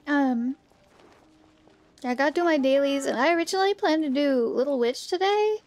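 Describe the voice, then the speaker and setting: A woman streaming a game and chatting casually with her viewers, bubbly and greeting them by name, with a slightly hoarse morning voice. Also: high-pitched, darkish tone. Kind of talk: casual livestream chat.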